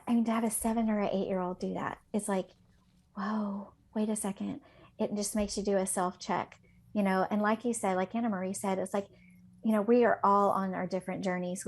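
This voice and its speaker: A woman's voice: fairly low pitch, a little mellow. A woman teacher co-hosting a podcast who tells heartfelt classroom stories in a chatty way, with many fillers. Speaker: elementary teacher, podcast co-host. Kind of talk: casual podcast chat.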